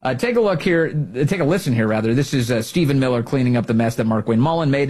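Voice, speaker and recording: A male radio host delivering political commentary. His pitch leaps around as he mocks and scolds. There is a faint husk in his voice. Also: fast talker, few pauses. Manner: animated, mocking, swings into high sarcastic voices. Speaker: radio talk show host.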